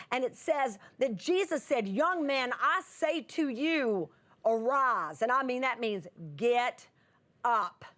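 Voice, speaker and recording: A woman's voice: high-pitched, fairly bright tone. A middle-aged woman teaching a Bible passage as a sermon, earnest and emphatic, calling out to her listeners for a response. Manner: earnest, emphatic, calls out to the audience.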